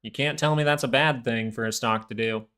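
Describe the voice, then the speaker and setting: A man talks through charts on a live market stream in a loose, rambling way, often restarting his sentences. His pitch sits at an ordinary middle level for a man. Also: brisk, bright, forceful tone, clear, resonant tone. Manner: casual, rambling, many restarts. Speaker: stock market livestream host.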